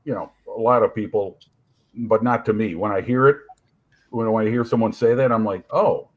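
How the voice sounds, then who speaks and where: A man's voice: on the low side, steady tone, a little fast, narrow, tinny audio. A man from the Chicago area with a Midwestern American accent, chatting casually on a live panel and telling stories with lots of fillers and restarts. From Chicago area, USA. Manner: rambling storyteller, many fillers and restarts. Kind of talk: casual chat.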